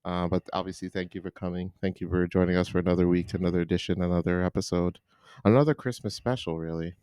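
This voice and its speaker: A man's voice: sits low, steady tone, fast talker, warm tone, smooth, dry recording. A young man co-hosting a casual podcast from home, joking around and teasing his friend. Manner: playful, slips into a hyped radio DJ voice. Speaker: podcast co-host. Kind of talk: casual chat. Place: home living room.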